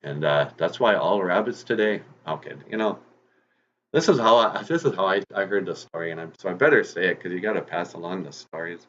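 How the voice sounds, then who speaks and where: A man's voice: low voice, brisk, fairly bright tone, muffled recording, a little hiss or hum. A man telling a folk tale in a casual, chatty way as host of his own channel, with rambling restarts and asides.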